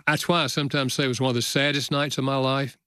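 An older man, a guest author, telling a personal story in an interview in an earnest way that slows down for emotional moments. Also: medium pitch, little pitch movement, pushed and bright, dry recording, studio quality.

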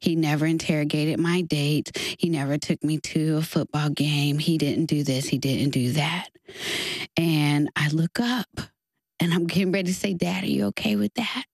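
A woman's voice: low voice, normal speed, gravelly, no echo. A woman from Texas, a guest author in a faith-based conversation, telling stories with feeling and laughing easily. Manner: expressive storyteller, acts out quoted voices, laughs easily.

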